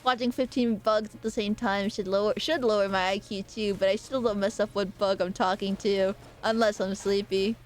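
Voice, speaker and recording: A young woman streaming a game and chatting casually, excitable and quick to swear, with loud playful outbursts. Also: medium pitch, soft background music. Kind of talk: casual live-stream gaming commentary.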